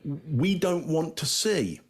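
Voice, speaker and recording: A man giving casual panel analysis of body language in a deliberate way, often pausing on fillers. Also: fairly high pitch, expressive, breathy edge.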